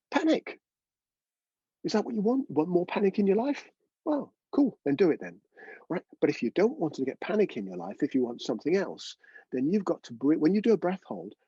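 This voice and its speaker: A man's voice: a little high, mellow, breathy edge, dry recording, dull audio. A man teaching a live online breathwork class, chatty and coaching, often checking in with his students.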